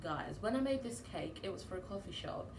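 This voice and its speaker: A woman's voice: medium pitch, animated, a little fast. A bubbly, chatty woman with a British accent, hosting a casual baking vlog Q&A. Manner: bubbly, chatty, laughs often. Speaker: home baker and vlogger. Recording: roomy echo with background noise.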